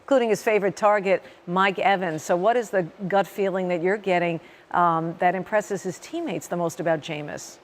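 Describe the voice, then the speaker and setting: Woman host firing off questions to her guest, brisk and to the point. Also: lowish voice. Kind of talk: interview questions.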